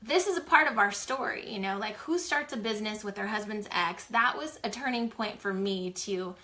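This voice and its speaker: Casting: woman, 40s, chatty live-chat storyteller, bright forward voice. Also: mid-range voice, normal speed. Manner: chatty, animated, heavy use of "like". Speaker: small business co-owner sharing her story.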